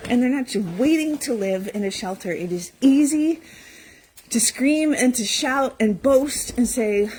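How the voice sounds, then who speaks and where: A woman with a high, bright voice records a casual morning vlog on her handheld phone. She runs an animal rescue and narrates from a barn among her dogs. She speaks sweetly and affectionately to them, laughing often, with a faint noise underneath. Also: animated, measured pace, poor audio. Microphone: handheld phone camera.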